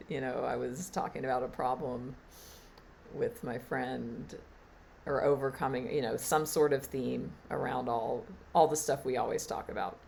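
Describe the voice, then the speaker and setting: A woman teacher giving a reflective spiritual talk on a live stream, halting and trailing off with fillers. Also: very deep voice, creaky, a little mellow, slight background noise. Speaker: meditation and Reiki teacher.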